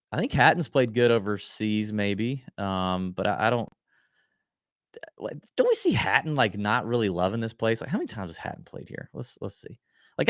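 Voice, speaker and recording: A man's voice: on the low side, clear, resonant tone, dry recording, studio quality. A man hosting a golf betting show, thinking aloud in a casual, rambling way with lots of restarts. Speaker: golf betting podcast host. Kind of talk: casual solo betting analysis.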